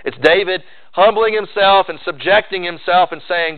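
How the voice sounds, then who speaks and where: A man preaching a sermon in an earnest, measured way, slowing down for emphasis. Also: sits high. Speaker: pastor. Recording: tinny phone-like sound.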